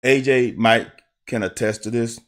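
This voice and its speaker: A young man, a former player, casually breaking down game film and telling profane, animated stories with quick laughs. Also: medium pitch. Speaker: football analyst.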